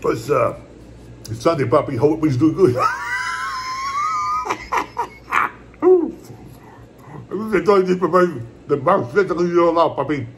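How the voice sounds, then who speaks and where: A man in a casual home eating vlog, rambling along in a relaxed, repetitive way as he talks to his viewers. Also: a little high, fairly quick, background noise. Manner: laid-back, rambling, repeats "my brothers" and "puppy". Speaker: mukbang vlogger. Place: at home, indoors.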